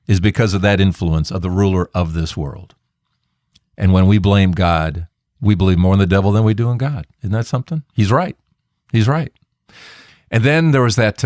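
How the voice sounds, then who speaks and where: A man's voice: on the low side, a little mellow, no echo, studio quality. A man hosting a faith podcast, commenting in an emphatic, preacherly way with rhetorical questions. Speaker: podcast host.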